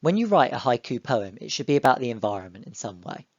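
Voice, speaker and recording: Young male teacher, dry close mic, mid pitch, clear and encouraging with children. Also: sing-song, fast, no room sound, dull audio. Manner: clear, encouraging, speaks to pupils directly. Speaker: primary school teacher. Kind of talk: online lesson for children.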